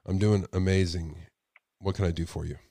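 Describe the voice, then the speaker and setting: A man's voice: low voice, steady tone, moderate pace, vocal fry, dark tone, no room sound, clean studio sound. Sick man hosting a call-in show. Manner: speculative, asks rhetorical questions. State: sick with a cold. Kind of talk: casual call-in show talk.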